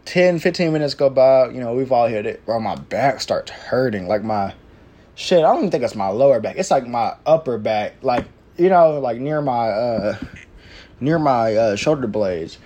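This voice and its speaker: Young man, casual storyteller, slangy and profane, rambling delivery, mid-pitched voice. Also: animated, moderate pace, dark tone. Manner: slangy, profane, says "bro" constantly; rambling with filler and restarts.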